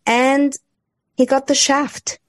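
A woman's voice: high voice, level tone, slow pace, dry recording. A woman co-hosting a talk show, chatting in a rambling way with sarcastic asides. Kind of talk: casual chat.

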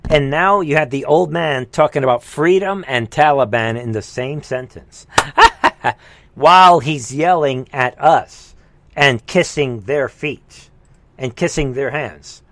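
A man's voice: medium pitch, a little slow, fairly bright tone, dry recording. A man hosting a live reaction commentary show, heated and scornful, with mocking asides. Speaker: political commentary host.

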